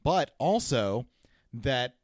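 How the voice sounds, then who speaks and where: A man co-hosting a casual TV recap podcast, relaxed and jokey, with loud laughs. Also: medium pitch, drawn-out words, no echo, studio quality. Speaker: podcast co-host.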